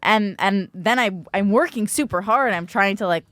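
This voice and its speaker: A woman's voice: medium pitch, normal speed, fairly bright tone, no echo. A young woman hosting a casual podcast, talking in a chatty, rambling way that often trails off mid-thought. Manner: chatty, rambling, self-questioning. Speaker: podcast host.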